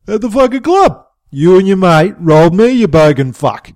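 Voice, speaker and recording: A man's voice: high voice, very animated, normal speed, a little mellow. A man doing a brawling bogan thug, Diesel. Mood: aggressive. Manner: swearing, taunting.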